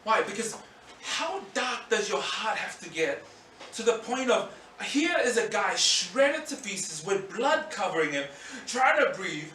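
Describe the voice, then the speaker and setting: With a high-pitched voice and a slightly slow delivery, a man preaches in a church hall, animatedly acting out scenes and voices. The hall is echoey, the mic sits far off, and there's slight background noise.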